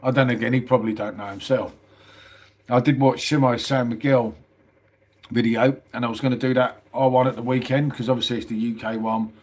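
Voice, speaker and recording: A middle-aged man talks casually on a live stream, answering viewer comments in a relaxed, rambling way. His voice sits at an ordinary pitch and he keeps dropping in "mate". He sounds a little tired. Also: brisk. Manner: chatty, says "mate" often, reads out viewer comments. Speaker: livestream host.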